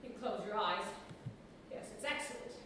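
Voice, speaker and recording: A woman playing an overworked middle-aged husband, ranting through a theatrical comedy monologue that swings from loud to soft. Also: mid-range voice, moderate pace, noisy background, close to an everyday voice. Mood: weary complaining. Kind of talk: stage comedy acting. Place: theatre stage. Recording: echoey stage recording from far off.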